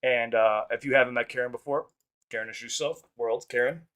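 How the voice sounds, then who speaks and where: Fast-talking man hosting a reaction video. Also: medium pitch, steady tone, a bit bright, clean tone. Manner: laid-back, chatty, lots of fillers. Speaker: reaction channel host. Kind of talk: casual reaction chat.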